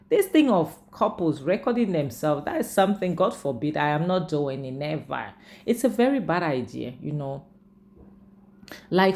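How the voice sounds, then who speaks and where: A woman's voice: low voice, dark tone. A woman casually recapping and reviewing a film, chatty and full of "like" and "you know". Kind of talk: casual movie recap and commentary.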